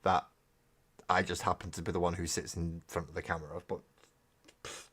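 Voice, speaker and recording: A man's voice: deep voice, flat delivery, normal speed, fairly bright tone, slightly rough. A man hosting a live stream, chatting casually and rambling with self-mocking humor while painting miniatures.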